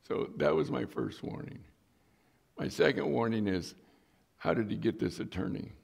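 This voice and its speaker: A man's voice: medium pitch, expressive, normal speed, gravelly, darkish tone. A middle-aged male pastor preaching a sermon, telling a personal story and acting out the voices in it. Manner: storytelling, acts out quoted voices.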